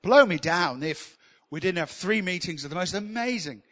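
High, bright-voiced pastor, humorous. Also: male voice, normal speed. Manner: humorous, self-deprecating, animated. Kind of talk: sermon with storytelling. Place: church hall. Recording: long hall reverb.

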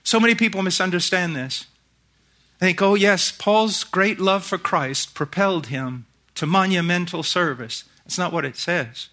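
A middle-aged man preaching a sermon, moving between hushed, intense passages and shouted emphasis. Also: high voice, moderate pace.

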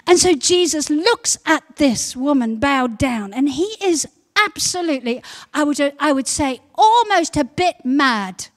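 A woman pastor giving a sermon, building to loud repeated emphasis. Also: sits high, animated, unhurried, hardly any pauses.

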